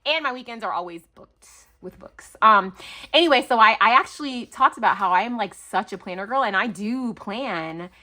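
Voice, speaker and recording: Woman, 30s, crafting vlogger: bright, lively, gushing unboxing chat. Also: fairly high pitch, moderate pace. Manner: gushing, excitable, lots of fillers and gasps. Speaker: crafting channel host. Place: home, near garage.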